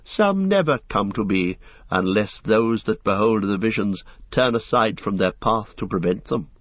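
A man voicing a wise, stately elf queen who speaks in formal, measured sentences, on a dull lo-fi recording. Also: on the low side, lively intonation, no room sound. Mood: grave.

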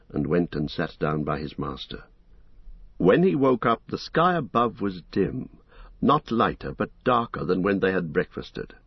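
A man narrating an audiobook in an expressive, dramatic storytelling manner, on a dull lo-fi recording. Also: low-pitched, creaky, husky, no echo. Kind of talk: scripted narration.

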